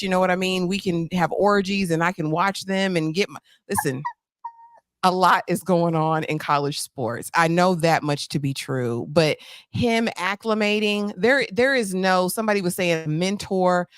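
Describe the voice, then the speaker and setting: Woman co-host, lower register, thoughtful measured delivery, dry close sound. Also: clean tone, no room sound. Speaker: co-host reviewing a TV series. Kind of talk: casual review chat.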